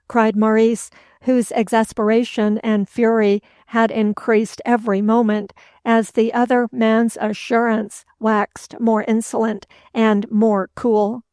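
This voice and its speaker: Slow, even-toned woman narrating. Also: fairly high pitch, smooth, no echo. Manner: measured, even storytelling. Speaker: audiobook narrator. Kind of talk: scripted narration of a classic novel.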